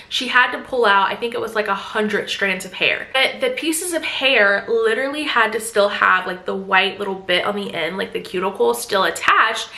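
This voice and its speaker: A woman's voice: medium pitch, pushed and bright, roomy sound. A woman giving a chatty, casual book recap full of filler words. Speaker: book vlogger.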